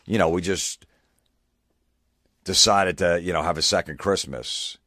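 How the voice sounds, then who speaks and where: A man's voice: low-pitched, steady tone, unhurried, sharp tone, no echo, clean studio sound, exaggerated voice. A man doing a grumpy rambling old man. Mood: grumbling. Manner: rambling, irritable, profane. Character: grumpy eighty-seven-year-old man reminiscing.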